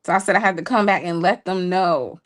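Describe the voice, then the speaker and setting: A woman co-hosting a show, telling a story in a casual, playful way with laughing asides to listeners. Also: a little fast. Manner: animated, jumps high when quoting people. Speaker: podcast co-host telling a story.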